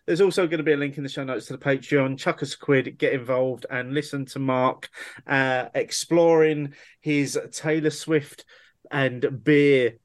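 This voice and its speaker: A man hosting a casual podcast, signing off the show with relaxed, sweary banter. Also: mid-range voice, normal speed. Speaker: podcast host.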